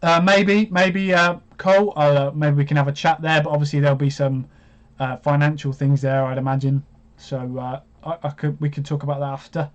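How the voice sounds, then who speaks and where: Male streamer, slightly high voice, rambling commentary with excited outbursts, dull lo-fi audio. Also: fairly quick. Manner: chatty, hesitant, bursts into excited reactions. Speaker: live stream host. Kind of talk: live watch-along commentary.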